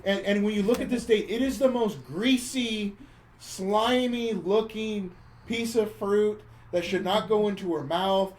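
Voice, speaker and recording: A man's voice: sits high, steady tone, unhurried, a little mellow, a little hiss or hum, poor audio. A man co-hosting a podcast, casually retelling a film plot in a wry, mocking play-by-play, often stumbling and repeating words. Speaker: podcast co-host. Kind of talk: casual chat recapping a film.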